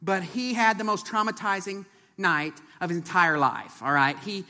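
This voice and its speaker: A man's voice: high-pitched, moderate pace, sharp tone. A man in his thirties with an Oklahoman accent, preaching a joking, conversational sermon to his congregation. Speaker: pastor. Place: church sanctuary. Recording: long hall reverb.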